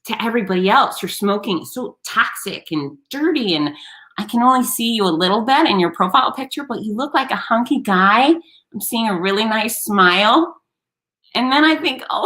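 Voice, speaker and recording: A woman hosting a live-streamed talk show, chatting with viewers in an animated, sarcastic way. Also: medium pitch. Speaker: host.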